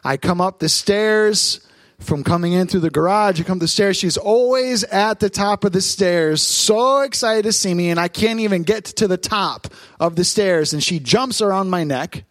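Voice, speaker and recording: A man, a pastor in his thirties, preaching a sermon on stage in church, telling family stories in a lively, animated way. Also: high-pitched, no echo. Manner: warm storytelling, lively, quick asides.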